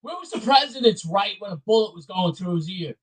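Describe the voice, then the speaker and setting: A man's voice: high-pitched, lively intonation, fairly quick, rough recording. A man ranting angrily on his own video, blunt and repetitive. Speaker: vlogger. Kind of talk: angry political rant to camera.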